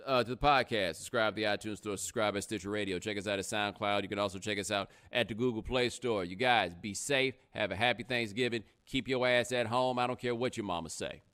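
A young adult man hosting a live podcast, chatting casually with a sarcastic, animated delivery. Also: brisk, few pauses, smooth. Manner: animated, sarcastic, rising pitch when joking. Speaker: podcast host. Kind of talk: casual live-stream commentary.

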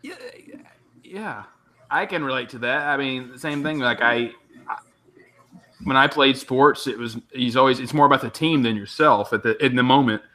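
A man co-hosting a podcast, telling an anecdote in a relaxed, casual way with fillers. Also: mid-range voice, normal speed. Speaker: podcast co-host. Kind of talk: casual chat.

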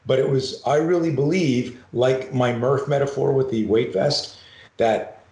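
A man's voice: medium pitch, unhurried, darkish tone. A middle-aged man, a self-defense coach, telling a story on a podcast and acting out the dialogue, swearing freely. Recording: roomy echo.

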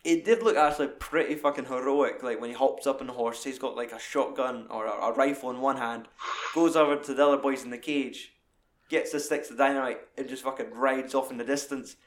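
A man in casual film chat, talking in an animated, sweary, enthusiastic way. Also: mid-range voice, fairly quick.

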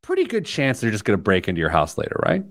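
A man's voice: lowish voice, quick pace, dry recording. A man hosting a radio show, telling stories and joking in casual chat from a studio. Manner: lively storytelling, joking. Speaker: host.

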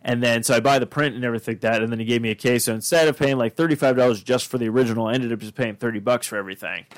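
Podcast host, male, casual rambling storyteller, mid pitch, dry close sound. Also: fairly even intonation, very fast, no room sound. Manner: rambling, many fillers and restarts; acts out quoted dialogue.

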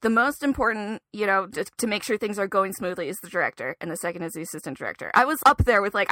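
A young adult woman co-hosts a podcast, chatting casually and telling animated stories with frequent laughter and acted-out quotes. She has a mid-range voice and talks fast with few pauses, with no room sound.

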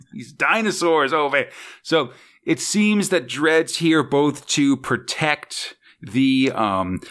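Guy rambling on a chatty podcast, lots of ums, chuckles here and there, mid pitch. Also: fairly bright tone. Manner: rambling, hesitant, with many fillers and chuckles. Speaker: podcast host. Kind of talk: casual comic book podcast chat.

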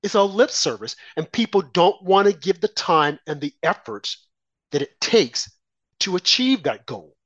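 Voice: mid-range voice, very animated, a little slow, fairly bright tone, no echo. A political commentator guest talking heatedly, firing off rhetorical questions and mocking impressions of opponents. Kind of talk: heated opinion talk. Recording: dry, slightly dull lo-fi sound.

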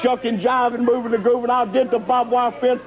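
A man's voice: very high voice, little pitch movement, brisk, poor audio. A man cutting a boastful, taunting wrestling promo in rhyming, preacher-like brags, heard from an archive TV clip. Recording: archive TV clip with cheering crowd.

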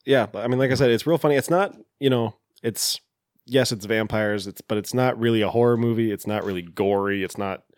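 A man's voice: on the low side, fairly quick, dry recording, studio quality. A man co-hosting a podcast, casually retelling film scenes and briefly mimicking the characters' lines. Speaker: podcast co-host.

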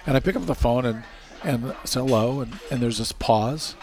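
A man's voice: medium pitch, normal speed, darkish tone. An American man in a casual interview, recounting stories from racing safety work with fillers, restarts and laughter.

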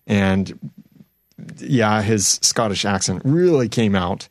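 A man's voice: fairly low pitch, animated, slow, dry recording, clean studio sound. A man hosting a casual podcast discussion about a TV show, reading listener comments aloud. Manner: conversational, reads listener comments. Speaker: podcast host.

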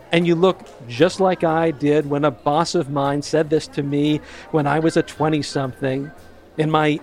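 A man telling a joke as a parable in a wry, conversational, emphatic way. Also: a little high. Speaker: speaker. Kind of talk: storytelling talk.

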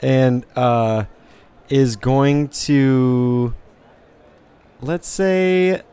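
A man in a relaxed manner, taking his turn as a player in a tabletop game. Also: mid-range voice, drawn-out words, clean tone. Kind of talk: casual tabletop play.

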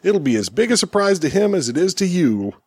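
A man in his thirties hosts a casual podcast in a somewhat high voice, laughing easily and circling back through his sentences. The sound is dry and close, with no room around it. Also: big pitch swings, a little fast, breathy edge, no room sound. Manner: jokey, laughs often, rambling with restarts. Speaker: podcast host.

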